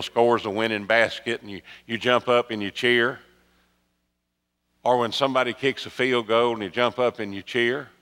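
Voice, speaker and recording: A man preaching a sermon, telling a story that swings from loud emphatic peaks to soft hushed asides. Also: mid-range voice. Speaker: pastor. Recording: long hall reverb.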